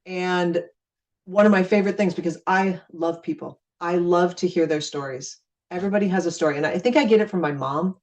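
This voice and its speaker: A middle-aged Minnesota woman with a lowish, darkish voice talks a little fast, giving a casual training session on network marketing. She's chatty and acts out conversations using friendly repeated phrases, and she sits far from the mic.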